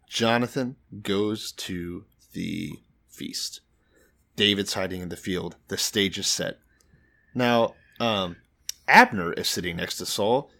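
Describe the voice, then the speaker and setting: A man's voice: lowish voice, a bit bright. A man casually retelling a Bible story with profane, sarcastic humor as a podcast co-host.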